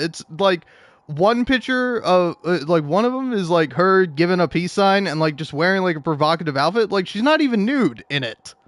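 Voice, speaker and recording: A man's voice: sits high, no room sound. A young man casually riffing as an online commentator, rambling and stammering with frequent laughs.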